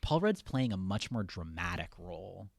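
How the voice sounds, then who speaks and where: A young co-host with a deep, gravelly voice talks through a film at a moderate pace on a podcast. The studio recording is clean with no room sound, and his casual chat rambles with lots of fillers.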